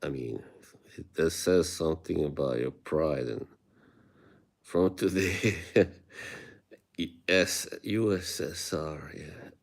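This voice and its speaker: A man from Bosnia with a Bosnian accent, chatting casually with viewers on a livestream into a phone held close to his face, relaxed, chuckling often and trailing off mid-sentence. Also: a bass voice, takes it slowly, gravelly, pauses often. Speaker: livestream host.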